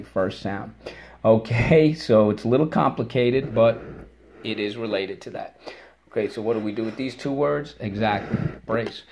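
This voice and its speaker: A man teaching a vocabulary and phonics lesson, patient and encouraging, having listeners repeat words and chanting syllables in a higher voice. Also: vocal fry, darkish tone.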